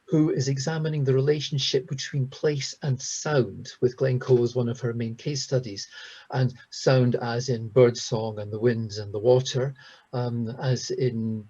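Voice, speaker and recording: A man giving a recorded lecture, talking hesitantly with many pauses and restarts. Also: mid-range voice, level tone, warm tone, breathy edge. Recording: dull lo-fi sound.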